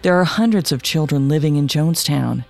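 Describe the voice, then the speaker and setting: Gravelly male true-crime narrator. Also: fairly high pitch, darkish tone, faint music behind. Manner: measured, matter-of-fact storytelling. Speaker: podcast narrator.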